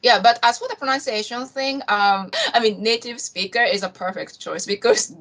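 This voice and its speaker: A woman's voice: a little high, moderate pace, fairly bright tone, low-quality recording. Japanese woman speaking English hesitantly. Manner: hesitant, searching for words, laughs often. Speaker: host. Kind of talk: casual conversation.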